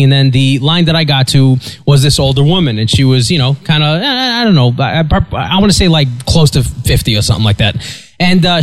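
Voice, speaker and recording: A man telling a personal story in casual chat, stammering and repeating himself, getting animated as he goes. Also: on the high side, no echo. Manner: stammering, animated storyteller who acts out quotes.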